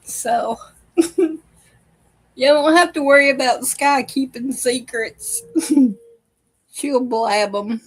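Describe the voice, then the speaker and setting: Lady vlogging, husky voice, takes her time, laughs a lot telling family stories. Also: sits high, very slow, pauses often, poor audio. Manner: chatty storyteller, laughs often. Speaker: video host. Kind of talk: casual reaction vlog chat.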